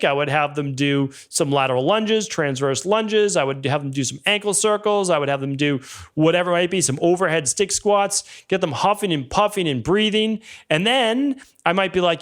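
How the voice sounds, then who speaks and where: A man's voice: on the high side, expressive, fairly quick, fairly bright tone. A man in his forties hosting a solo podcast, telling stories and acting out client conversations. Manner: storytelling, acts out client exchanges in quoted voices. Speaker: podcast host, health practitioner. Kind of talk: casual solo podcast talk.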